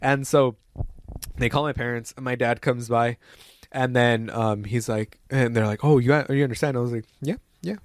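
A man's voice: mid-range voice, fairly even intonation, normal speed, no room sound, clean studio sound. A young man casually telling a profane school story on a podcast, acting out the people he quotes. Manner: profane, acts out quoted voices.

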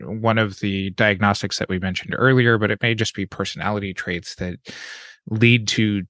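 A man with a low voice explains things in a measured, clinical way, like a mental health clinician on a podcast. His recording is close and dry, with no room echo. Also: steady tone, a bit bright. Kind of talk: professional podcast conversation.

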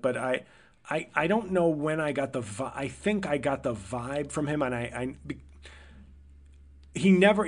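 A man at a middle pitch hosts his podcast with a loose, conversational story. He wanders through his thoughts, restarting and correcting himself as he goes. His voice lifts and brightens whenever he quotes someone. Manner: rambling, self-correcting, thinks aloud; livelier and higher when quoting people. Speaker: podcast host. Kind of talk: casual storytelling monologue.

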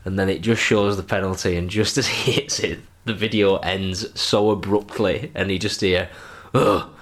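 A man with a very deep voice chats on a relaxed football podcast. He tells loose, rambling anecdotes and laughs along as he goes. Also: moderate pace. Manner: rambling storyteller, laughs at his own tales. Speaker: podcast co-host. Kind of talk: casual football podcast chat.

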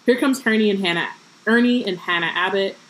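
A woman's voice: mid-range voice, fairly quick, a bit bright, a little hiss or hum, poor audio. Chatty woman reading aloud with jokey asides. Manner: reads passages then breaks into joking asides with lots of fillers. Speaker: podcast co-host reading aloud. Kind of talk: casual book-club chat with read-aloud passages.

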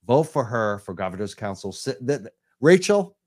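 A man's voice: lowish voice, sing-song, moderate pace, a little mellow. A man hosting a live call-in radio show, talking enthusiastically and rambling through restarts.

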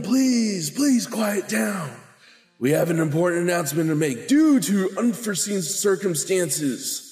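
A booming stadium announcer, as a man puts him on, pitched high and projecting loudly over the crowd. His voice swoops as he calls out each line. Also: reverberant, heavily acted. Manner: loud announcing.

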